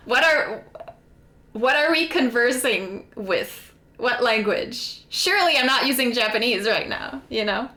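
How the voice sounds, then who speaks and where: Bright-voiced Québécoise streamer chatting slowly. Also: female voice, fairly high pitch. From Quebec, Canada. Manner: chatty, animated, many fillers. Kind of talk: casual chat while gaming.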